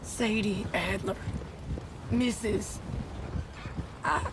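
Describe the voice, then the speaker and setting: An actress playing a grieving young frontier widow who speaks in halting, broken phrases in a video game. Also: female voice, medium pitch, steady tone, background noise. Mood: stricken.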